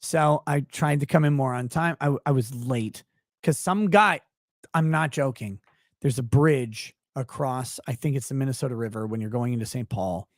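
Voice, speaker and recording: A man telling a story as a guest in a casual conversation. He talks in an animated, profane way, laughs often, and sounds tired, yawning as he talks. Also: medium pitch, normal speed, dry recording, clean studio sound. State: tired, yawning while talking. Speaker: podcast guest.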